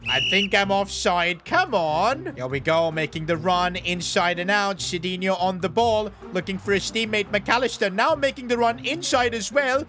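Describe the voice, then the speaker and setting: A young man giving excited gameplay commentary, talking to his viewers as boys and shouting at big chances. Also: high-pitched, moderate pace, few pauses, over music. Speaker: gaming YouTuber.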